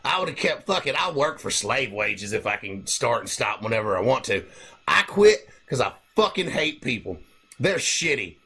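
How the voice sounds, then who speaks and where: A man hosting a casual comedy podcast, telling profane, animated stories. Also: medium pitch, normal speed, husky. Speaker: podcast host.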